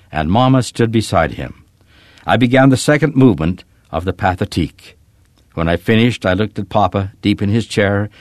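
A man narrating a short story in an expressive reading. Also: low-pitched, no room sound, studio quality.

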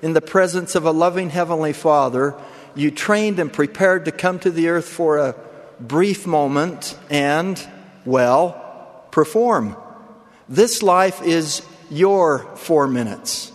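A man giving an earnest, measured sermon as a church leader, speaking with deliberate pauses. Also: on the high side. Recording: long hall reverb.

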